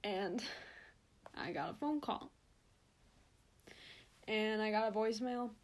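A young woman hosts her own podcast in a casual monologue. She speaks slowly, in a mid-pitched voice, rambling a little as she goes. Her delivery is earnest and openly emotional. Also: lively intonation. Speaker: podcast host.

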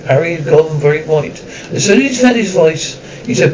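A man's voice: fairly high pitch, lively intonation, moderate pace, hardly any pauses, crowd noise, rough recording. A man narrating an audiobook chapter, reading with occasional slips and restarts. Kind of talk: storybook narration.

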